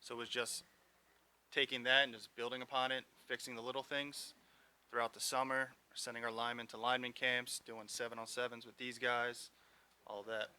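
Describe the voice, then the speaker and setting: A male football coach talking plainly about his team, using short, practical answers. His voice is strikingly bright and sharp. His pitch sits in an ordinary middle range. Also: flat delivery, fairly quick, smooth. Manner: matter-of-fact and plain-spoken. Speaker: high school football coach. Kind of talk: casual interview answers.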